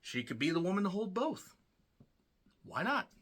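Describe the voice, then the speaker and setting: Blunt, sarcastic man with a lively bright voice. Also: high voice, normal speed, slightly rough. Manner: blunt, sarcastic, swears freely. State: tired. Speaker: wrestling show reviewer. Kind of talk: casual solo review commentary.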